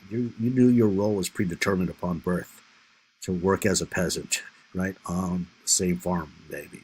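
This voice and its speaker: A man's voice: low-pitched, slightly rough, rough recording. A man giving a recorded history lecture over slides, talking in a loose conversational way and often checking in with "right?" and "you know".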